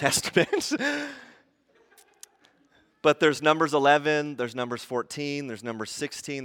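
A man in his thirties preaching a sermon, animated and acting out grumbling voices as he teaches. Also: a little high. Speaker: pastor.

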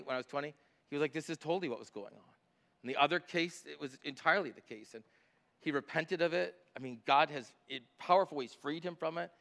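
Preaching a sermon, a middle-aged pastor with a mid-range voice presses hard on scripture and drops quieter when he shares stories from his own life.

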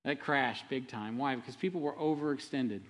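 A man's voice: medium pitch, moderate pace. A man in his fifties preaching a sermon as pastor, talking conversationally with rambling asides and frequent tag questions. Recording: long hall reverb.

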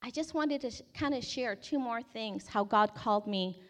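Woman, 40s, campus ministry staffer, lively testimony storyteller, slightly high voice. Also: normal speed. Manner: animated storyteller, acts out her own past lines. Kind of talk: personal testimony talk.

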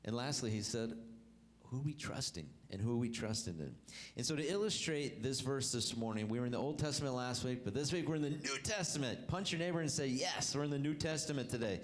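A male pastor preaching a sermon, reading scripture aloud and retelling it with lively call-outs to the congregation. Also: mid-range voice, a little fast.

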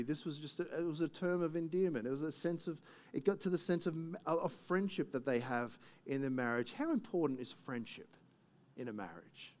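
A man gives a sermon, his voice sitting a little higher than most. He talks in a casual, conversational way, tossing in rhetorical questions and quick asides as he reads and explains. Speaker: pastor.

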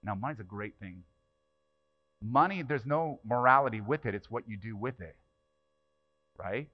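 Man, pastor, church sermon, conversational, loud and hushed swings, rhetorical questions, mid-pitched voice, muffled recording. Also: normal speed.

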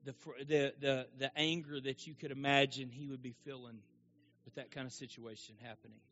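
Preacher guy at church, tells stories like he's chatting, kinda forceful bright voice, muffled lo-fi recording. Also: medium pitch, little pitch movement, brisk. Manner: conversational storytelling preacher. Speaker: pastor. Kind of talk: sermon with story illustration. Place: church service. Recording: dull lo-fi sound.

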